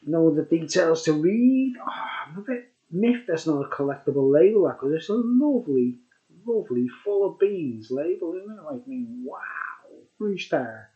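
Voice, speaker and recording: A man's voice: fairly high pitch, lively intonation, moderate pace. A tipsy man rambling through a casual beer review. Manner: rambling and chatty, full of fillers. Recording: dull lo-fi recording.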